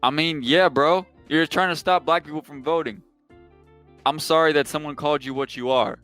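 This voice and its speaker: A man's voice: fairly high pitch, steady tone, moderate pace, fairly bright tone, faint music behind. A young man giving casual, sarcastic and exasperated political commentary on a livestream.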